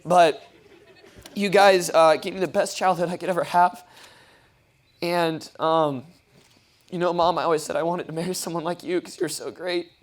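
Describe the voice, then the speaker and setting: A man's voice: fairly high pitch, steady tone, normal speed, pauses often. Young man giving a rambling wedding toast. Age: young adult. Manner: rambling with many ums, fighting back tears. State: tearful, choked up. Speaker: groom giving a wedding speech. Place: wedding reception.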